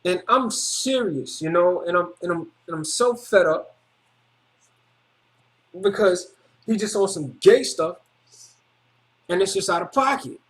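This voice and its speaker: Emphatic high-pitched man, casual slang-heavy testimony, repeats himself. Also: animated, a little slow, pauses often, a bit bright. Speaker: video testimony speaker.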